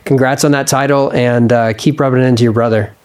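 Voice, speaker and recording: A man's voice: mid-range voice, steady tone, fast, darkish tone. A man who hosts a podcast and serves as a church pastor, speaking in a casual interview style with short, affirming replies.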